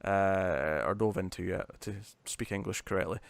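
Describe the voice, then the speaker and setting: A man's voice: low voice, normal speed, vocal fry, no room sound. A man co-hosting a podcast, chatting casually and rambling with frequent fillers and restarts. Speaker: podcast co-host. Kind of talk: casual chat.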